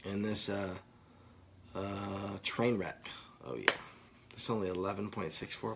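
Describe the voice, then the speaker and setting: A stoned man rambling through a casual live vlog, swearing and bantering with viewers, sometimes dropping to hushed asides. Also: lowish voice, moderate pace, vocal fry, noisy background. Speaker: vlogger.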